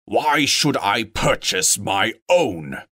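A man's voice: lowish voice, very animated, pushed and bright, breathy edge, no echo, studio quality, exaggerated voice. A man voicing a proud, stern male dwarf king, grave and commanding. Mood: wrathful. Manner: grave, commanding, quick to wrath.

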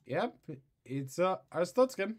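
A man's voice: sits high, big pitch swings, slow. Laid-back man chatting over gameplay. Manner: laughs often, swears casually. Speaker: gamer. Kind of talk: casual gameplay commentary.

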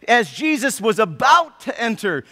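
A pastor delivers his sermon in a high, bright voice. He tells the story with animated energy and acts out the people in it. His voice rings with long reverb in a church hall. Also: unhurried. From United States. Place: church sanctuary.

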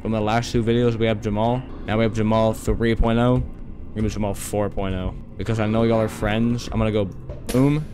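Over background music, a young man records a let's-play of a horror game for his YouTube channel, his voice fairly low and his tone level. He chats in slang, addresses the on-screen creatures directly, and yelps and hurries whenever he's scared.

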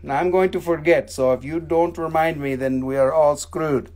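A man's voice: fairly high pitch, steady tone, moderate pace, darkish tone. A man hosting a live stream and selling rocks and crystals, with a playful, rambling, joking sales patter that repeats itself.

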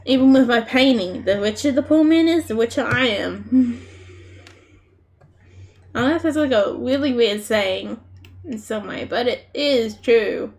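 Chatty Australian woman streamer, bright-pitched. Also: a little slow, pauses often. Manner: chatty, animated, laughs often, talks to the game characters. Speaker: game streamer. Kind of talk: casual live-stream gameplay commentary.

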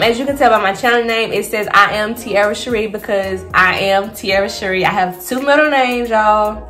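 A woman's voice: medium pitch, fairly bright tone. A woman of twenty-five from Alabama with a Southern accent, chatting casually through a get-to-know-me Q&A and often saying y'all. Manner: chatty, says y'all often, laughs between answers. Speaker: vlogger.

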